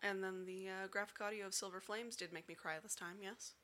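Woman, podcast co-host, casual book chat, gushing, bright tone. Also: mid-range voice, steady tone, fairly quick. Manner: gushing, emphatic about books.

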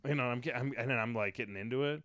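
A man's voice: medium pitch, rapid-fire, a bit bright, a little hiss or hum. A young man co-hosting a podcast, telling long rambling profane stories and mimicking the people he quotes. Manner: rambling, profane storytelling with put-on quoted voices. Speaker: podcast co-host. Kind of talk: casual chat.

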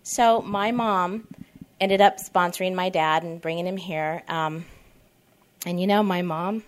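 A woman's voice: on the low side, fairly even intonation, measured pace. A woman around fifty speaking at a twelve-step meeting, candid and rambling, often backtracking. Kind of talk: personal share at a support meeting. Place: meeting room.

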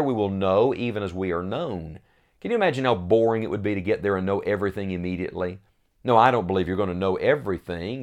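A pastor preaching a sermon, slowing down to stress scripture readings. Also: male voice, lowish voice.

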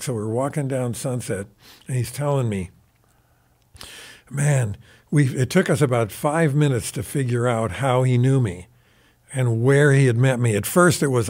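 Older male guest, unhurried raconteur. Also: medium pitch, a little mellow. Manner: rambling anecdotal, mimics quoted voices. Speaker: guest musician. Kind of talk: casual storytelling.

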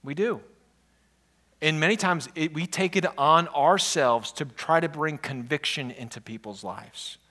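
A man's voice: fairly high pitch, a little slow. A man pastor preaching a sermon in a conversational, storytelling way. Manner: conversational preaching with animated, exasperated retellings.

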